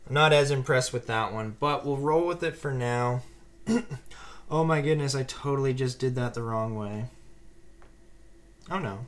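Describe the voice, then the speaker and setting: This live-stream host works on a Lego set, talking casually and reading viewers' comments out loud. He speaks at medium pitch, unhurried, leaving long pauses.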